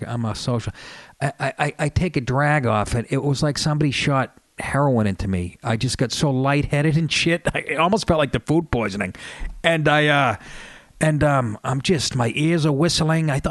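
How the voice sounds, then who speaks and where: A man's voice: mid-range voice, no echo. A man, a comedian hosting a radio show, telling road stories in a rambling, profane way. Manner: profane, rambling, with restarts and laughs. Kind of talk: casual storytelling monologue. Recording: dry radio studio sound.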